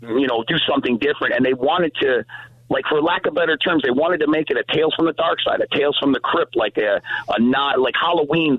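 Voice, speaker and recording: A man in casual chat about horror movies and music, rambling, animated and swearing freely. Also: mid-range voice, no echo, phone-quality sound.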